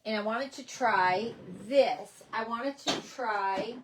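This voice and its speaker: A woman's voice: a little high, slow pace, noisy background. A middle-aged woman hosting a casual crafting livestream from home, chatting about her supplies, scolding herself for forgetting things and greeting viewers by name.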